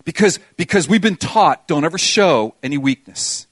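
A man's voice: a little high, animated, moderate pace, husky, dry recording. A middle-aged man preaching a sermon, reading scripture aloud with feeling and repeating key phrases. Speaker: pastor.

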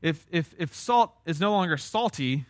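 A man's voice: a little high, lively intonation, normal speed, no room sound, studio quality. A young man, preaching a sermon in a conversational, emphatic way. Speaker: pastor.

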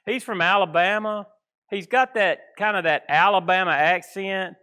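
A male pastor with a country East Texas accent, his voice pitched high and ringing with a bright, forceful edge. He preaches loosely and conversationally, wandering through homespun stories and country phrasing. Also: moderate pace. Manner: folksy, rambling, plainspoken with country phrasing. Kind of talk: informal sermon.

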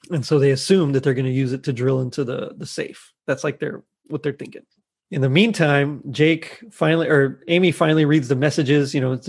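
A man's voice: mid-range voice, creaky, darkish tone. A man chatting casually as he retells a TV episode, laughing often as he goes. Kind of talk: casual chat recapping a TV episode.

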